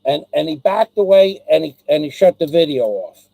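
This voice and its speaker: Guy on a live stream going off, pretty high voice but dark tone, swears nonstop, dry close sound. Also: lively intonation, normal speed, gravelly, no room sound, low-quality recording. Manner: angry, rambling, swears constantly, repeats himself. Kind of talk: profane ranting live stream.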